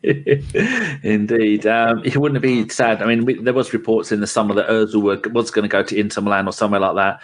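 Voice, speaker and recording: Brief: easygoing English male host, lowish voice, faint background hiss, chuckles between points. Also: steady tone, brisk. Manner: laid-back, laughs often, steers topics. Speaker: podcast host. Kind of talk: casual football chat.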